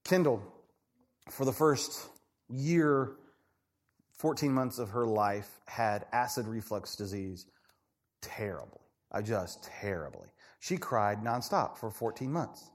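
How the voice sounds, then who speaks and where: A man preaching a sermon in a conversational, animated way, often asking "right?" and acting out voices. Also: on the low side, slow pace. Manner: acts out people in quoted voices. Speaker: pastor.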